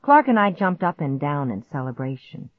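Woman audiobook narrator, low-ish voice, tense suspenseful read, dry lo-fi sound. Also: big pitch swings, moderate pace, dry recording. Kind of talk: scripted first-person narration. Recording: dry, dull lo-fi recording.

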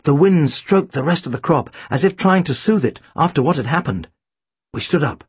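A man's voice: on the high side, lively intonation, moderate pace, slightly rough, dry recording. A man reading a first-person storybook aloud with a dry, wry delivery. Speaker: audiobook narrator.

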